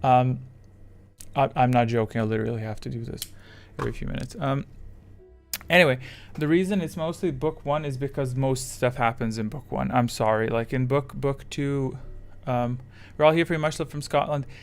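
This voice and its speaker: A man's voice: medium pitch, moderate pace, clear, resonant tone, soft background music. A man chatting casually with his live chat as a streamer, rambling and self-deprecating, with English that is not his first language.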